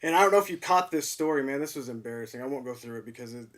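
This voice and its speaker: A male livestream host chatting casually, excitable and laughing often, with lots of fillers. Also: mid-range voice, racing. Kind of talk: casual chat. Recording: voice a bit distant from mic.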